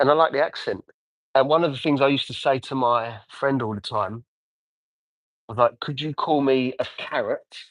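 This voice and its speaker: A man from England in his forties talks loosely and cheerfully as he works on a car, drifting between stories and answering viewers' comments. His voice sits at an ordinary middle pitch, and the sound is dry and close with no room echo. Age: 40s. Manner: chatty, rambling, reads out and answers viewer comments. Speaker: car detailer live-streaming. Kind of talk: casual livestream chat while working.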